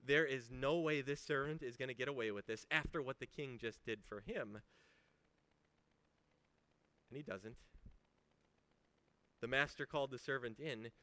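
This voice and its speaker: A man's voice: mid-range voice, moderate pace, long pauses, bright, forceful tone. A man giving a sermon as a pastor, talking conversationally with emphasis and rhetorical questions.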